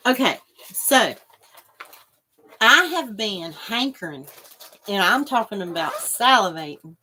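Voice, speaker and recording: A woman's voice: mid-range voice, big pitch swings, slow pace, pauses often, bright, forceful tone, a little hiss or hum. Chatty lady on a livestream, rambling along, talking back to viewer comments. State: coughing after choking on water. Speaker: livestream host. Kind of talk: casual chat with live viewers.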